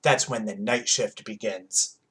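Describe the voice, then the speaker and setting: Guy reading as a noir cat detective, slow dramatic storybook telling. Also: fairly low pitch, fairly even intonation, pushed and bright, a little hiss or hum, pitched below the performer's own voice, poor audio. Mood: suspenseful. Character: streetwise cat detective narrating at night.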